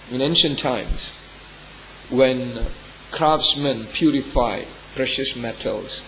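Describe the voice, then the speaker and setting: A pastor shares a painful experience from his church in an earnest, emotional way. His voice sits at a middle pitch and often climbs sharply when feeling takes over. A faint hiss runs under the recording. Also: poor audio. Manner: earnest, emotional storytelling with sudden rises in pitch. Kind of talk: personal testimony in a sermon.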